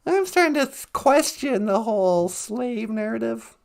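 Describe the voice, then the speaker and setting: A woman hosting a comedy podcast, chatting playfully and giggly, and slowly explaining words. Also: fairly high pitch, expressive, gravelly. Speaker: podcast host. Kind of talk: comedic casual chat.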